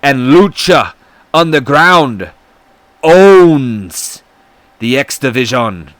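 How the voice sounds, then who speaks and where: A man voicing a boastful male luchador wrestler in a put-on Spanish accent, proclaiming loudly. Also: medium pitch, sing-song, extremely slow, dry recording, heavily acted. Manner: loud, proclaiming, braggart.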